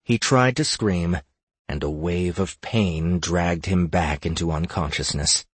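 A man narrating a fantasy audiobook in a measured, steady storytelling manner. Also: deep voice, husky, dry recording.

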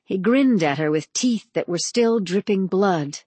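A woman narrating an audiobook with a steady, expressive reading. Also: mid-range voice, unhurried, slightly rough, dry recording.

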